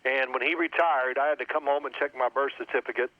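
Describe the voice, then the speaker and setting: A man in his sixties, a former quarterback, telling lively football anecdotes and acting out his old coach's yelling. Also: mid-range voice, fast, dry recording. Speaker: former NFL quarterback guest. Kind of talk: storytelling phone interview. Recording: tinny phone line.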